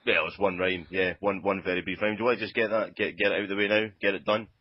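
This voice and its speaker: A man's voice: deep voice, steady tone, rapid-fire, husky. A man with a broad Glaswegian accent, co-hosting a casual podcast, giggling and stammering through restarts and a comic rap. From Scotland. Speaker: podcast co-host. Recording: dull, dry lo-fi podcast audio.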